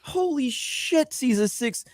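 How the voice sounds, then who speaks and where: A man's voice: very high voice, expressive, slow, no echo. A man hosting a casual podcast chat, blunt and rambling, with a profane, opinionated way of talking.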